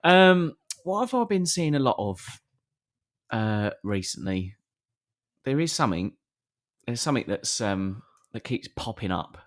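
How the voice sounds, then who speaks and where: A man's voice: medium pitch, big pitch swings, measured pace. A man co-hosting a casual podcast. He rambles and hesitates with many ums and uhs. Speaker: podcast co-host. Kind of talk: casual chat. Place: live-streamed podcast.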